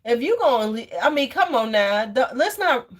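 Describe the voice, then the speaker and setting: A woman's voice: a little high, sing-song, moderate pace. A middle-aged woman hosting a casual home livestream, blunt and joking, swearing freely, then cooing over a toddler. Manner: coos and fusses over a toddler. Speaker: livestream host. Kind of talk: casual live chat with viewers.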